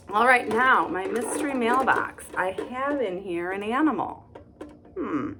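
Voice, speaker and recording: A woman reads a picture book to young children at an unhurried pace, her voice rising and dipping in a bouncy, sing-song way. Her voice sits a little high, and she pauses to ask the little ones what they see. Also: lively intonation, bright, forceful tone, a little hiss or hum. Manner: slow, sing-song, asks the young listeners questions. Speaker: storytime host for young children.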